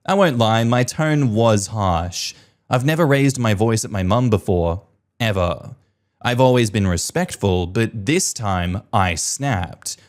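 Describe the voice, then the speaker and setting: A man's voice: lowish voice, expressive, measured pace. A man reading online posts aloud and reacting to them with blunt, sarcastic commentary.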